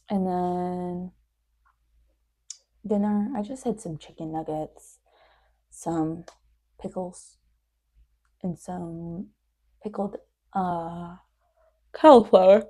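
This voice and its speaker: Young woman, low-key diary vlogger: mellow tone with vocal fry, rambling and sleepy. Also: steady tone, slow, pauses often. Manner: rambling, chatty, drifts in and out of soft whispers. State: sleepy, yawning. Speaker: video diarist. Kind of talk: casual diary chat.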